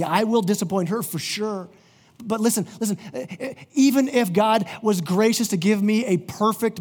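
High-voiced pastor preaching in a reverberant hall. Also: male voice, a little mellow. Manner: earnest preaching with many quick restarts. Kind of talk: sermon. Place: church sanctuary.

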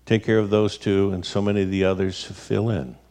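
Low-voiced middle-aged man, chatty speaker who acts out family anecdotes. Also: brisk. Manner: storytelling, animated quoted voices. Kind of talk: conversational talk with stories.

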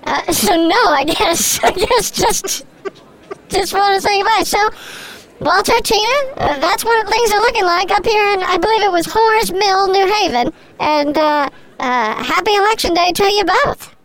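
A woman's voice: very high voice, moderate pace, a bit bright. A woman playing a giggly, chatty field reporter in an improvised comedy newscast.

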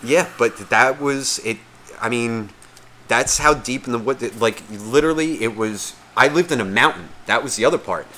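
A podcast co-host tells a story in casual chat, animated and profane. His voice is mid-range at a normal speed.

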